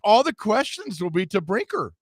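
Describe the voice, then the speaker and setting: A man co-hosting a sports radio show, bantering and joking in a casual, animated way. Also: high-pitched, normal speed, dry recording, studio quality.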